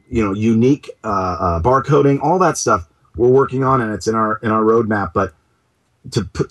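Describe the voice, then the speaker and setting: A man talking as a startup co-founder in an interview. He is animated and keeps restarting his sentences, and he throws in comic asides. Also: mid-range voice. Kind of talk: casual interview talk.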